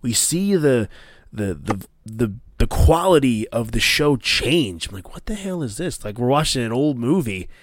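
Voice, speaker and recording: Guy hosting a podcast, swears a lot, gets loud and jumpy retelling scenes, dead dry sound. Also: medium pitch, measured pace, dry recording. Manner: excited, profane, acts out scenes in raised voices. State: coughing. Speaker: podcast host. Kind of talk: casual TV recap chat.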